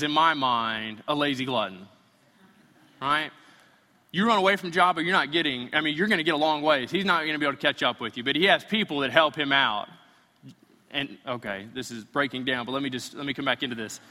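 A pastor preaching in a relaxed, conversational way to his church, now and then slipping into imagined voices. His voice is a little high and bright. It rings with the long reverb of a large hall. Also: a little fast. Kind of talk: sermon.

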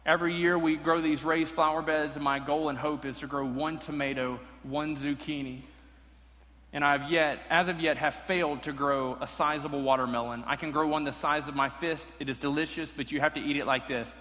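A male pastor delivers a sermon in a bright, forceful voice pitched a little high. He is earnest and emphatic, repeating key lines for weight. The sound carries a long reverb from a large hall. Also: steady tone, fairly quick. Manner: earnest preaching with emphatic repetition.

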